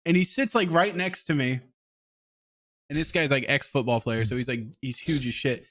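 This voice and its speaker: A man's voice: mid-range voice, moderate pace, fairly bright tone. A young man co-hosting a podcast, teasing his friends and telling anecdotes in casual chat, often with a chuckle. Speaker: podcast co-host.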